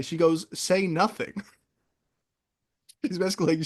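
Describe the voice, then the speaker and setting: A young man in casual podcast chat, an animated storyteller who wanders into tangents. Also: on the high side, takes it slowly. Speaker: podcast co-host.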